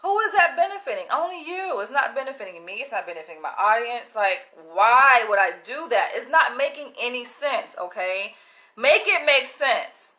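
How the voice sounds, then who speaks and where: Bright-voiced blunt woman ranting. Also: a little high, normal speed, poor audio. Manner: exasperated, blunt and animated, with profanity. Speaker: YouTuber. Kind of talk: casual vlog rant.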